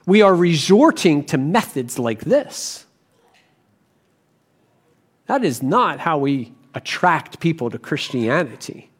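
Pastor guy preaching slow in a church, fairly high voice, gets animated telling stories. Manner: deliberate preaching, rising to animated storytelling. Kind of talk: sermon.

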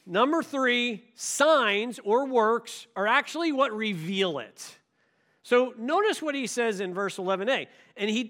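Animated preaching man, bright voice. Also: sits high. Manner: emphatic preaching, rhetorical questions. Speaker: pastor. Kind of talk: sermon.

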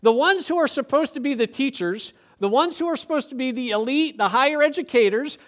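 Lively conversational preacher. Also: sits high, a little fast. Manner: lively, conversational, rhetorical questions. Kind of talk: sermon.

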